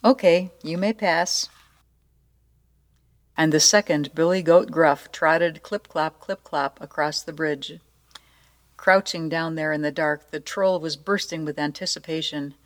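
A woman reading a children's story aloud in a playful, expressive way. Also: sits low, unhurried. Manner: playful, expressive narration with asides.

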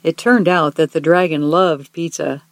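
A storyteller reading a children's picture book aloud, gently and expressively, slowing down on key words. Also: mid-range voice, dry recording. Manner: gentle, expressive, soft-spoken, slowing for emphasis.

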